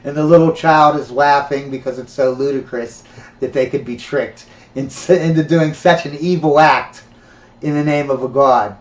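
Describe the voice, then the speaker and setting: A man's voice: mid-range voice, fairly even intonation, moderate pace. A man telling a comic sermon story in a rambling way, laughing often. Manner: rambling, laughing, filler-heavy. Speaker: preacher. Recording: dull, roomy recording.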